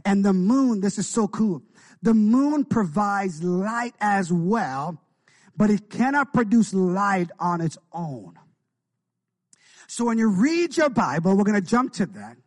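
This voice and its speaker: A pastor preaching a sermon, with call-and-response "come on" asides, building to shouts of excitement. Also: male voice, sits high, slow.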